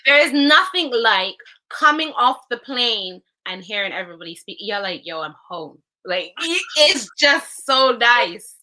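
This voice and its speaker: A woman's voice: on the high side, animated, unhurried, pushed and bright. A young woman with a Bajan accent, chatting playfully and emphatically as an interview guest. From Barbados. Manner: playful, emphatic, bursts of laughter. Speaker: guest, soca artist. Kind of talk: casual interview chat.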